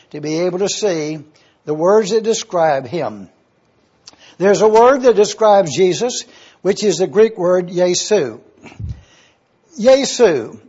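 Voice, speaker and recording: A man preaching a teaching sermon, slow and deliberate, repeating key words and often clearing his throat. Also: sits high, a little mellow. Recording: dull lo-fi recording.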